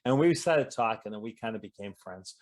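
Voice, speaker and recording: A man guest in an audience Q&A, telling animated gaming stories in casual chat and acting out what others said. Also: on the low side, fairly quick. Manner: lively storyteller, acts out quoted voices, trails off mid-sentence.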